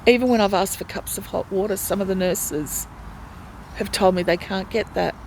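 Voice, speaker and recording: A woman with a mid-range, darkish voice speaks at a moderate pace in a personal video diary filmed on a hospital ward. She retells how she has been treated, sounding distressed and pleading. The recording is rough, with slight background noise.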